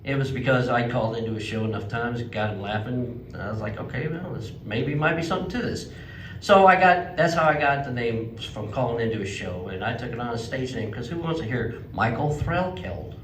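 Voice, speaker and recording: A man doing a stand-up comedy set at a legion hall, telling folksy stories and jumping to a high voice for quoted outbursts. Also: expressive, brisk, a little hiss or hum. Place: legion hall stage before a live audience. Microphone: handheld microphone, picked up from some distance. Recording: echoey hall, mic at a distance.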